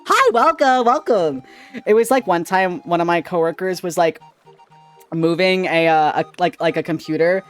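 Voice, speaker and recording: A man's voice: high voice, moderate pace, clear, resonant tone, faint music behind. A young man streaming as a VTuber, chatting casually in a giggly, rambling, playful and self-teasing way. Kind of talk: casual livestream chat.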